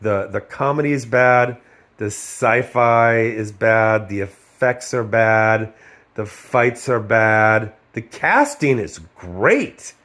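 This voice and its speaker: A man's voice: fairly low pitch, lively intonation, slow pace, a bit bright. Profane, sarcastic middle-aged man ranting. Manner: profane, sarcastic, mocking mimicry of others. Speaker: video host reviewing a film. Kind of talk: casual ranting commentary.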